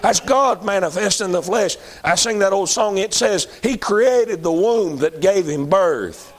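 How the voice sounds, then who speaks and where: A man with a high, tenor-ish voice preaches. His delivery is folksy and conversational, rising into emphatic, repeated declarations. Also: unhurried. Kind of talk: sermon.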